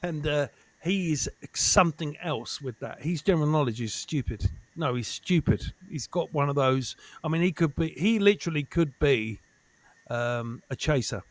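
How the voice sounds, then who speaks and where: Brief: Essex-raised male comic, slightly high voice, animated and blunt, dry close mic. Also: normal speed, no echo. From Essex, England. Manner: animated, sweary, repeats himself for emphasis. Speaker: comedian guest. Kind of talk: casual chat.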